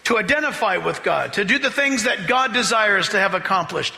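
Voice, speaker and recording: High, bright-voiced animated male preacher. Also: creaky. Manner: animated, emphatic, slows to read scripture, mock voices. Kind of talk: sermon. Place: church sanctuary. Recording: long reverb of a hall.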